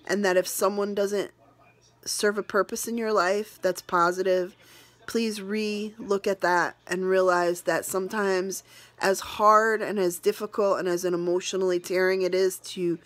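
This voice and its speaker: A woman's voice: mid-range voice, fairly bright tone, no echo. A woman vlogger from New England speaks straight to her viewers, close to tears. Her talk is earnest and rambling, full of restarts and heartfelt asides. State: emotional, near tears. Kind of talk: emotional personal vlog.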